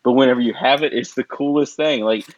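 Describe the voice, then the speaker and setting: A man's voice: mid-range voice, fairly even intonation, fast talker, slight background noise. A man, co-hosting a casual show, reading listener jokes and laughing at his own puns. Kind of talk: casual radio-style chat. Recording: dull lo-fi audio.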